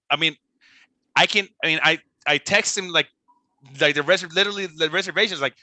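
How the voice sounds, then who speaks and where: A young man with a very bright, forceful voice tells a rambling tour story, animated and full of filler words and restarts. His voice sits a little high for a man and sounds dry and close to the mic, with no room around it. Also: a little fast, no room sound. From Costa Rica. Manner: animated, swearing, lots of "like" and restarts. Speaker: band member, podcast guest. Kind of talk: casual storytelling.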